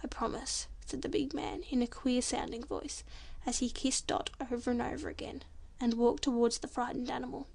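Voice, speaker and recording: A woman reading a children's storybook audiobook in a gentle, expressive narration. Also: a little high, brisk, vocal fry, hardly any pauses.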